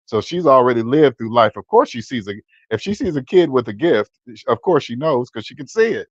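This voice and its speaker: A man's voice: mid-range voice, sing-song, brisk, breathy edge, no echo, highs cut off. A man in his fifties hosting a personal finance channel, talking in a blunt, preachy way and repeating words for emphasis. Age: 50s. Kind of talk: casual livestream-style monologue.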